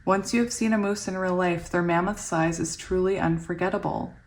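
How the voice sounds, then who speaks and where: A young woman giving a casual tarot reading, giggly and excitable, often laughing as she reads the cards aloud. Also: lowish voice, a little fast. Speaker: tarot reader.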